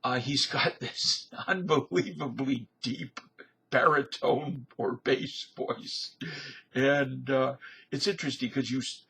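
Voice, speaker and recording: A man's voice: medium pitch, fairly even intonation, slow pace, creaky, sharp tone, slightly rough, low-quality recording. A man in his fifties with a folksy, digressive manner, talking to camera in a rambling casual monologue. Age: 50s. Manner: folksy, digressive, filler-heavy. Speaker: video blogger.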